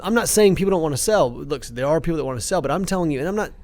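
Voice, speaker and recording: A man in passionate podcast talk, fired up and emphatic, ranting with quick restarts. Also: on the high side, animated, darkish tone, no room sound. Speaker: company CEO, podcast guest expert.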